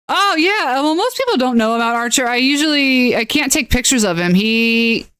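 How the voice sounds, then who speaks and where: A woman's voice: on the high side, big pitch swings, moderate pace, few pauses, fairly bright tone, clear, resonant tone, dry recording. Chatty woman streaming from home. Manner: chatty, laughs often, baby-talks to her dogs. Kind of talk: casual livestream chat.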